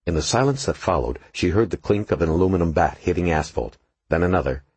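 A man narrating an audiobook in an expressive, measured storytelling manner. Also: low-pitched, breathy edge, no room sound. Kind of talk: scripted narration.

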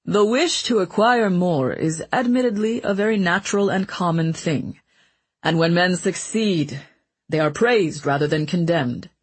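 A woman narrating an audiobook in a measured, expressive storytelling manner. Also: on the low side, breathy edge.

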